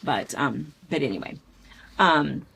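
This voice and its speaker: Chatty middle-aged American host, slightly low and gravelly, lots of ums. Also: female voice, animated, slow, fairly bright tone, a little hiss or hum. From United States. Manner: rambling, chatty, with frequent fillers. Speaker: show host. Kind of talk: casual chat.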